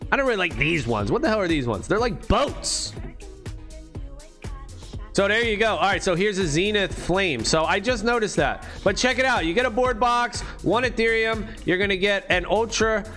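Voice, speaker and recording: Casual male host, high-pitched, loose and profane, faint music underneath. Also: moderate pace. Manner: loose, profane, excitable rambling. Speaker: crypto gaming channel host. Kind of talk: casual screen walkthrough commentary.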